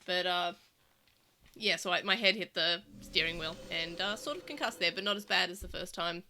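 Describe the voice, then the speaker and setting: Aussie woman rambling on a game stream, lots of ums, bright voice. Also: on the low side, moderate pace, slight background noise. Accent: Australian. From Australia. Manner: rambling, with many fillers and restarts. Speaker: let's play streamer. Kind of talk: casual gameplay chat.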